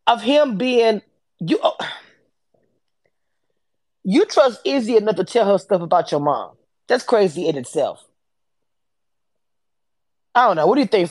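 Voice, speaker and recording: A woman hosting a casual live audio chat about reality TV, animated and sassy. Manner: animated, sassy, acts out quotes with swings in pitch. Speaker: host of a reality TV discussion space.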